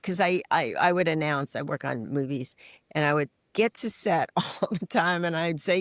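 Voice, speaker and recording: A middle-aged woman speaking candidly as a podcast guest, her voice sitting fairly low. She tells stories with animated, acted-out voices and casual swearing. The recording is dry and close. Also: moderate pace, no echo. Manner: animated storytelling, acting out quoted voices; frank, uses casual swearing. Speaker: guest, recovery mentor and author. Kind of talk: candid interview conversation.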